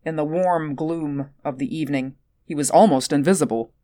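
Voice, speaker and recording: A woman narrating an audiobook at a measured, steady pace. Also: low-pitched, no echo, studio quality.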